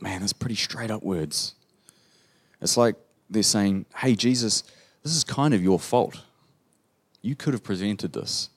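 Pastor de voz muy grave. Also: male voice, low voice. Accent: New Zealand. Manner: reads King James verses aloud, then explains them in plain conversational words. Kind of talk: sermon with scripture reading.

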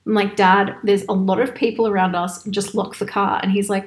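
A woman telling a long anecdote in casual chat, animated and quoting people in raised voices. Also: mid-range voice, brisk, hardly any pauses. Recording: echoey room.

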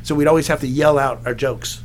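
A man's voice: on the high side, fairly even intonation, fairly quick. A middle-aged man from Los Angeles, a television writer telling easygoing stories as a podcast guest. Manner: easygoing storyteller, acts out quotes. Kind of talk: casual interview chat.

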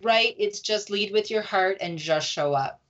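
A woman speaking as a guest in an interview, animated and emotive, telling heartfelt stories and laughing often. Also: mid-range voice, a little slow. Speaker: guest, grief support speaker. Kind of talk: conversational interview. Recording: slightly dull lo-fi audio.

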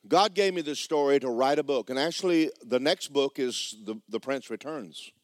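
A male preacher telling a story in a folksy, animated way, often repeating words. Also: mid-range voice, moderate pace, no echo, studio quality. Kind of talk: storytelling sermon.

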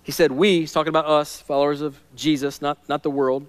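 A male pastor with a notably high voice delivers an impassioned sermon. He swings from quiet, hushed stretches to loud, pleading scripture readings. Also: flat delivery, a little fast, few pauses, clean tone.

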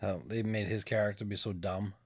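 A woman with a Boston accent co-hosting a podcast in relaxed, casual chat, chuckling as she talks. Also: very deep voice, a little fast, husky. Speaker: podcast co-host.

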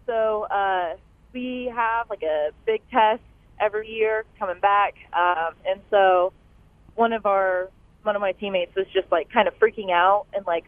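A woman's voice: mid-range voice, measured pace, no echo. A young woman calling in to a radio show, speaking casually with many "like"s and "um"s. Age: young adult. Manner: peppers her talk with "like" and "um". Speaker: caller, college rower. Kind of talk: phone-in chat. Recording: tinny phone line.

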